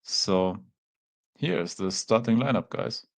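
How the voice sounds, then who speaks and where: A man's voice: low-pitched, slow. A man with a German accent, a native German speaker, hosting a casual live watchalong and chatting to viewers with easygoing fillers. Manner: relaxed, chatty, talks to chat with fillers like "man". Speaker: watchalong host. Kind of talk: casual live-stream chat.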